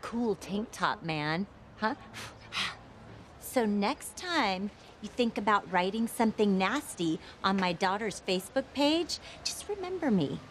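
A woman's voice: medium pitch, big pitch swings, measured pace, a little hiss or hum. An actress playing a hot-tempered pregnant mother who rants, taunts, then apologizes in a flustered rush. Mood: taunting. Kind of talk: film comedy acting.

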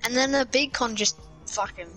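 A woman's voice: on the high side, moderate pace, fairly bright tone, faint music behind, poor audio. A young woman, bantering playfully with a friend while gaming. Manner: playful, teasing. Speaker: gamer. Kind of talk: casual gaming chat.

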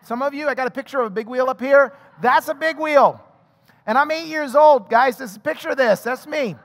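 A male pastor giving an animated, chatty sermon, telling a personal story and asking the congregation questions. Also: very high-pitched, moderate pace. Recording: long hall reverb.

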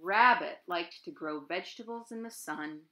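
A woman, a children's librarian at home, reading a picture book aloud to children with expressive storytelling and sound effects. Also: on the low side, normal speed, slight background noise.

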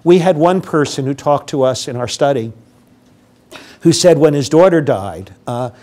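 A man's voice: fairly high pitch, expressive, normal speed, a little mellow. An older man giving a public lecture on grief to a live audience, speaking conversationally, asking the audience questions and acting out what grieving people say.

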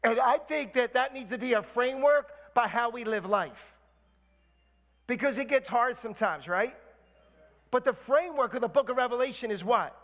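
A man preaching with fiery, rousing energy. His voice sits high for a man and rings through a church hall with a long reverb tail. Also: normal speed, fairly bright tone. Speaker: guest preacher. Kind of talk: sermon. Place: church sanctuary.

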